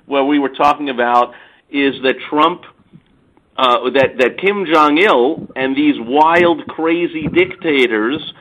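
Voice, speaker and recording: A man co-hosting a casual podcast, talking excitably and theatrically and slipping into quoted voices. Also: fairly high pitch. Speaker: podcast co-host. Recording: muffled lo-fi audio.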